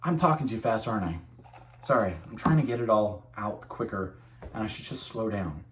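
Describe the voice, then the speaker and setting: A man's voice: lowish voice, animated, moderate pace, a bit bright, roomy sound, slight background noise. A man working as a machine tool sales rep gives a casual, candid update to camera. He rambles and often corrects himself.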